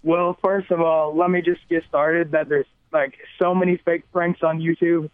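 A man's voice: on the high side, little pitch movement, moderate pace, no echo. A young man from Tennessee with a Southern accent, calling in to a show and talking in a laid-back, rambling way. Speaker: phone-in caller, YouTube prankster. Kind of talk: casual phone call. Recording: tinny phone line.

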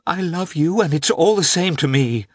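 A man's voice: a little high, animated, moderate pace, no room sound, studio quality, pitched above the performer's own voice. A man voicing a passionate, defiant young noblewoman who pleads and insists with great feeling. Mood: impassioned. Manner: impassioned, pleading.

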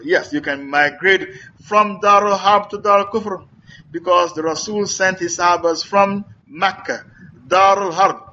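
A man's voice: a little high, bright, forceful tone, muffled recording, slight background noise. A middle-aged man preaching in a question-and-answer lecture, emphatic and repetitive, firing off rhetorical questions.

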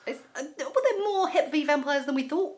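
A woman's voice: high-pitched, lively intonation, brisk, crowd noise. A woman co-hosting a casual chat, recapping a TV episode, swearing casually and laughing often. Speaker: podcast co-host.

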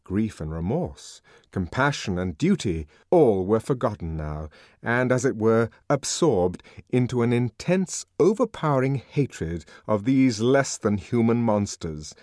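Expressive male audiobook narrator, dry sound. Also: lowish voice, measured pace, dry recording. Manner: dramatic, very expressive reading. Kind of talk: scripted narration.

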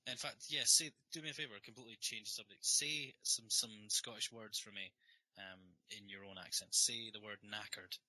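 A tired young man chatting casually as a podcast co-host, blunt and quick to swear. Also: on the low side, fairly even intonation, sharp tone, poor audio. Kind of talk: casual chat.

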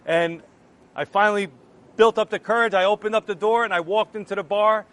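High-voiced man telling his testimony. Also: fairly quick. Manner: earnest, animated retelling that acts out remembered exchanges. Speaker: Christian giving a testimony. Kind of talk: personal testimony storytelling.

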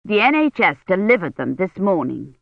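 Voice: medium pitch, big pitch swings, moderate pace, creaky, no room sound, highs cut off. A narrator voicing an anxious, fussy male college servant who speaks fretfully and deferentially, in an audiobook.

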